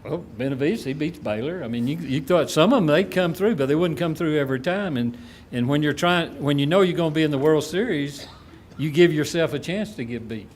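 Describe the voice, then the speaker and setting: A man's voice: on the high side, expressive, fairly quick. A former coach, a man, answering in a dry, matter-of-fact way on a panel.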